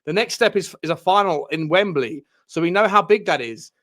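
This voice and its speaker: A man putting on a mock Spanish accent to read a football manager's press-conference quotes, in a halting way with restarts. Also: on the high side, expressive, fairly bright tone. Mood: quoting.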